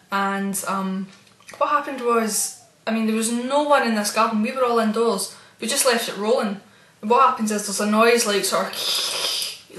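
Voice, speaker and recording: A woman vlogging casually, telling a rambling, spooked story about her experiences. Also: mid-range voice. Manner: chatty, meandering, with soft spooked asides. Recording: roomy echo.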